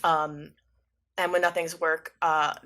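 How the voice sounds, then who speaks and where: A woman's voice: low voice, little pitch movement, slow pace, fairly bright tone. A woman playing a tabletop role-playing game in casual talk, who often laughs and jumps into frantic in-character pleading. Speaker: player.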